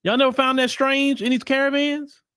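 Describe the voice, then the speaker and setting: A man's voice: very high voice, flat delivery, moderate pace, bright, forceful tone, no echo. A man, hosting his own stream. He talks emphatically, fires off rhetorical questions and circles back on his points. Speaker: show host. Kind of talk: livestream commentary.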